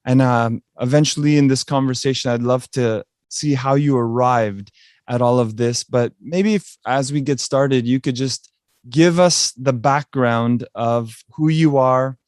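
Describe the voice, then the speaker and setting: A man's voice: mid-range voice, measured pace, a little mellow, no room sound, studio quality. A man hosting a podcast, upbeat and chatty, with many fillers. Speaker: podcast host. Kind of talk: casual interview conversation.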